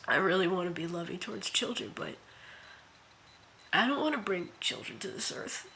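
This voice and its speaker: A woman speaking an earnest, emotional confessional monologue into her phone, halting and repeating herself, near tears. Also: on the low side, lively intonation, creaky, pushed and bright, a little hiss or hum. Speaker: vlogger.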